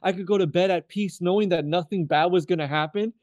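A man's voice: high-pitched, a little mellow, no echo. Earnest man telling his testimony. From California. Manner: earnest, halting, repeats words as he restarts. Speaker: guest sharing his testimony. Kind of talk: personal testimony storytelling.

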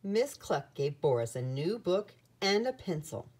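Expressive woman reading a picture book. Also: on the low side, unhurried, slightly rough. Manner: expressive, storytelling. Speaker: children's book reader.

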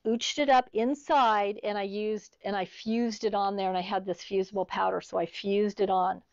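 A woman's voice: medium pitch, fairly even intonation, moderate pace, darkish tone, no echo, muffled recording. A middle-aged woman teaching an online sewing class, chatty, telling stories as she demonstrates. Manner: chatty, storytelling asides. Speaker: sewing instructor.

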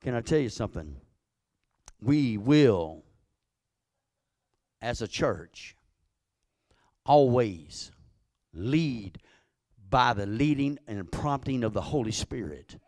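A man preaching a sermon as pastor, calling out to his congregation and building to loud emphatic peaks. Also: mid-range voice, expressive, slow pace, long pauses, no room sound, studio quality.

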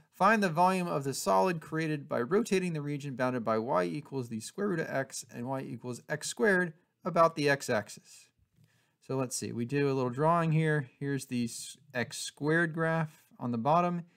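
Man, gravelly, calculus teacher, relaxed, conversational. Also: on the high side, moderate pace. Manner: relaxed, conversational explaining with filler words. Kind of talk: casual math lesson.

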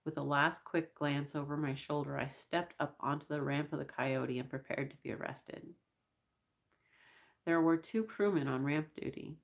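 A woman reads first-person science fiction in a deep, gravelly register. Her delivery is measured, with a dry, wry edge. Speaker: audiobook reader. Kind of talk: first-person sci-fi narration.

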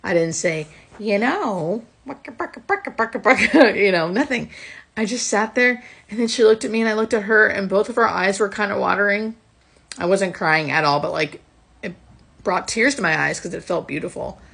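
A woman hospice nurse telling a story casually to her phone camera, reflective and soft-spoken, often trailing off at the ends of phrases. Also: medium pitch, normal speed, creaky, husky.

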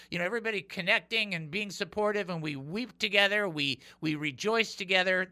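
A man hosting a Christian call-in radio show, chatting casually, telling jokes and teaching from the Bible. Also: high voice. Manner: lively, jokey, laughs at his own jokes.

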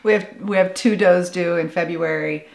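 A woman in casual conversation as co-host of a homestead video, talking in a lively, teasing way and laughing often. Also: on the low side, normal speed, creaky. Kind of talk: casual chat. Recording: echoey room with faint noise.

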